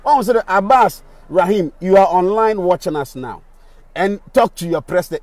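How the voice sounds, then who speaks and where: A man's voice: high voice, normal speed, a little mellow, no echo. A Ghanaian man, a radio presenter, giving indignant on-the-spot video commentary on a city street, repeating rhetorical questions.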